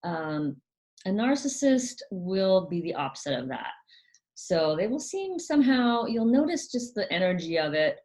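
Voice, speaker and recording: A woman hosting her own channel, explaining things gently in a casual monologue, often hesitating with ums and restarting her sentences. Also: mid-range voice, very animated, unhurried. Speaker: channel host.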